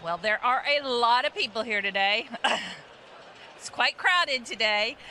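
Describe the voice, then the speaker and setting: A woman's voice: fairly high pitch, animated, unhurried, bright, forceful tone, slight background noise. A woman attending a conference, chatting casually in an interview on a crowded expo floor, with plenty of fillers.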